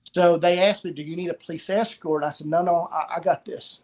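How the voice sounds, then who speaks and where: Man, fairly high voice, middle-aged, halting delivery, repeats words, personal account. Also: steady tone, darkish tone. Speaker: guest. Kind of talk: telling a personal story.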